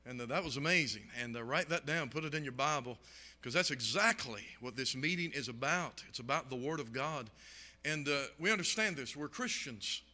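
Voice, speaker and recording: Preacher guy, really bright punchy voice, ringing church hall. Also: medium pitch, expressive, moderate pace. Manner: fervent, emphatic, frequent "and, uh". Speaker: guest preacher. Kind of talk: church meeting address. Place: church sanctuary.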